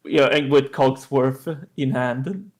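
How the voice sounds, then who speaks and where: A man's voice: mid-range voice, steady tone, slow, darkish tone. A man playing a tabletop game, making wry joking asides. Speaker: player.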